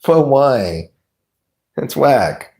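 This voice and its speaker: A man's voice: mid-range voice, sing-song, very slow, creaky, mellow. A man hosting a livestream, chatting with viewers in a rambling, stammering way and swearing freely. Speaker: livestream host. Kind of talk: casual chat with stream viewers.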